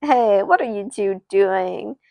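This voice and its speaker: A woman voicing a protective older sister who tries to calm her siblings. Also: medium pitch, slow pace, creaky, no room sound, dull audio. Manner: brave, soothing.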